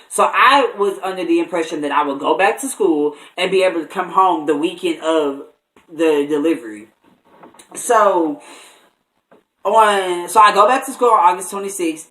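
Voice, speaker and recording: A young man and college student telling a personal story in an animated, casual way, with lots of "like" and restarts. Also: a little high. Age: young adult. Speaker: vlogger. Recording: echoey room, mic at a distance.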